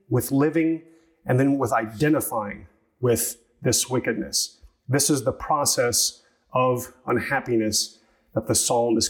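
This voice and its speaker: A man preaching a sermon as pastor, teaching through a passage in a measured, explanatory way and pausing on rhetorical questions. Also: mid-range voice.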